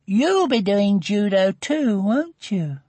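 A man voicing a bossy, blunt young schoolgirl in an audiobook, with a husky edge. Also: sits high, very animated, slow, darkish tone, no echo, pitched above the performer's own voice, full character voice. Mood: scheming. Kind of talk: audiobook character reading.

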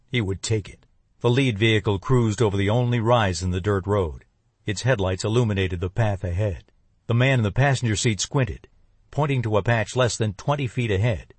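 A man narrating a first-person thriller audiobook in a measured, tense voice. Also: on the low side, breathy edge, dry recording.

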